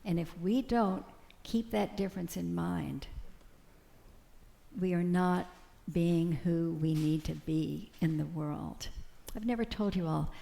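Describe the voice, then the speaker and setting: An older American woman on a panel telling a personal story, halting and repeating words as she speaks. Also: fairly low pitch, vocal fry, dark tone.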